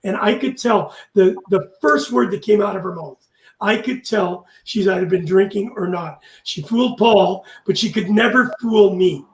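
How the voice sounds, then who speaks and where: A man with a fairly high voice hosts a casual live talk show, telling heartfelt stories that leave him emotional. His voice rings in an echoey room. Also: normal speed. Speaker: host. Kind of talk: casual chat.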